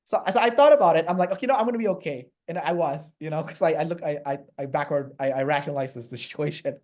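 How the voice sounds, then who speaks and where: A man's voice: a little high, fast, darkish tone. A man from Canada, a guest in a casual interview, telling a travel story with many fillers and restarts.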